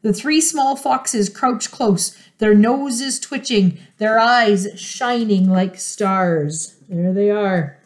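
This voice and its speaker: A woman reading a children's storybook aloud in an expressive, measured way. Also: fairly high pitch. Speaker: storybook reader.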